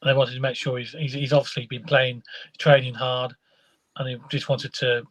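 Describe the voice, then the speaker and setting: A man's voice: mid-range voice, little pitch movement, moderate pace, a bit bright. Agreeable man previewing a football match. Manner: agreeable, opinionated, asks questions. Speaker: podcast co-host. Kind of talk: casual fan podcast chat.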